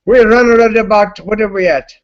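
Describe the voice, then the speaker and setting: A drunk man hosts a live stream, his voice sitting high and brisk as he rambles loosely and swears constantly. He's picked up by a computer mic, and the stream audio is lo-fi.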